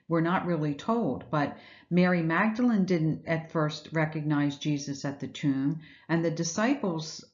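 A woman's voice: sits low, lo-fi sound. A woman giving an earnest, reflective Easter devotional message, retelling scripture and asking rhetorical questions. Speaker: Bible teacher.

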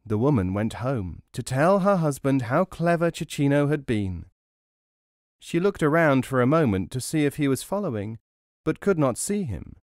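A man reading folk tales aloud in a measured, even storytelling manner. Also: mid-range voice, dry recording, studio quality. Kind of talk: audiobook storytelling.

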